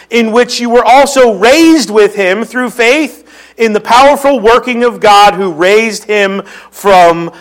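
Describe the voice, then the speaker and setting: A man's voice: high voice, a bit bright. A man with a Philadelphia accent preaching a sermon, earnestly teaching and explaining scripture verses to his congregation. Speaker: pastor.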